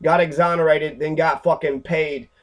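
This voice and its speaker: A man's voice: on the high side, fairly even intonation, moderate pace. A man talking in an angry, profane, rambling way, full of fillers and restarts, while pointing out pictures. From Louisville, Kentucky. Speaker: activist lecturer.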